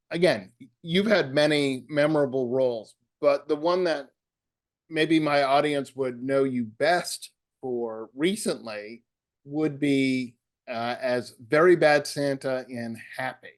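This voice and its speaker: A man hosting an interview, asking friendly, halting questions and joking with his guest. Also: medium pitch. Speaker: interview host. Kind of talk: casual interview.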